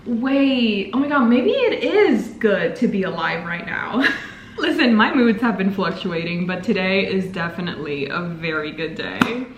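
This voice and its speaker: Excitable girl vlogging a book haul, over the top, roomy sound w faint hum. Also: mid-range voice, measured pace, lo-fi sound. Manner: gushing, exclaiming, dramatic. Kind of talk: excited unboxing vlog. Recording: echoey room, faint ambience.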